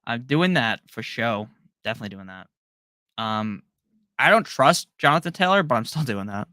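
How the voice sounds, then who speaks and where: A man hosting a live stream, casually reading out viewer questions and firing back quick, offhand answers with slang. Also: mid-range voice, animated, bright, forceful tone, no room sound, clean studio sound. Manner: rapid-fire, offhand answers with slang and the odd curse. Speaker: fantasy football live-stream host.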